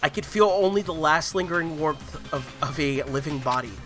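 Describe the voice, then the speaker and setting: A streamer narrating a visual novel aloud, breaking into loud swearing reactions. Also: male voice, a little high, moderate pace, faint music behind.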